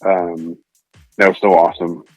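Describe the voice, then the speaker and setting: A man's voice: low-pitched, level tone, moderate pace, darkish tone, no echo, highs cut off, soft background music. A young man hosting a casual podcast film review, laughing often and acting out movie lines in put-on voices. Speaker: podcast host.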